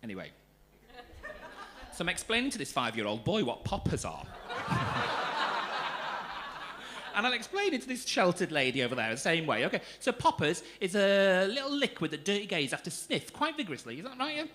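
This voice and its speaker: A man's voice: high-pitched, huge pitch swings, moderate pace, pauses often, background noise. A young man doing stand-up comedy on a club stage, teasing the audience in a camp, cheeky manner. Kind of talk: stand-up comedy with crowd work.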